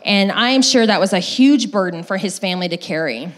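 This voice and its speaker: A young woman pastor giving a sermon in a relaxed, conversational way, as if retelling a story to friends. Her pitch sits mid-range for a woman, and she slips into lively acted quotes now and then. The tone stays informal, with plenty of "um" and "like.". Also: a little fast. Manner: casual storytelling with many fillers.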